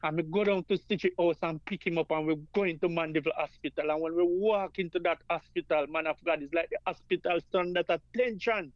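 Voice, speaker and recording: A Jamaican man with a high voice speaks as an interview guest. He tells his story earnestly, repeating himself and addressing the listener as "man of God." The sound is dry and a little dull. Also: steady tone, a little fast, hardly any pauses, no room sound. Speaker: guest performer.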